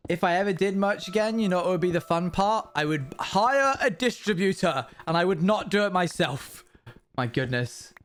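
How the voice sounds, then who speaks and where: A young British man streaming live, chatting casually and answering his viewers' questions in quick, upbeat bursts. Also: high voice, expressive, fairly bright tone. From Britain. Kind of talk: casual livestream chat with viewers.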